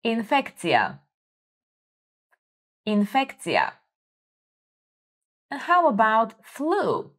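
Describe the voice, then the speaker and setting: Woman teacher doing a vocab drill, says each word super slow and clear, cheering you on. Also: on the high side, wildly swooping pitch, a bit bright. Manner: slow, clearly enunciated, encouraging prompts. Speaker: language teacher host.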